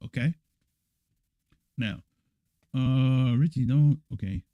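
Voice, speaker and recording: A man's voice: medium pitch, takes it slowly, dark tone, no room sound. A man, a church elder, giving a livestreamed scripture lesson and answering viewer comments in a blunt, emphatic way, repeating points and checking in with "right?".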